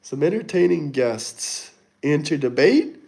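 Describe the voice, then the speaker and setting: A young adult from the United States hosts a casual livestream, reading the chat and answering viewers in a blunt, argumentative and mocking way. His voice is fairly high-pitched, animated, gravelly and warm, and he speaks at a measured pace.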